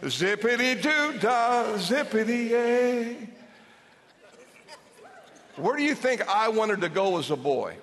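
An older man preaching a sermon as pastor, telling stories with humor, animated and repeating his phrases. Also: high-pitched, moderate pace, few pauses. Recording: long hall reverb.

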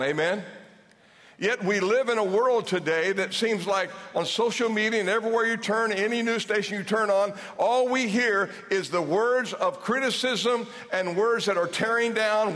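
An older man preaching a sermon as pastor, telling stories with humor, animated and repeating his phrases. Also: sits high. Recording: long hall reverb.

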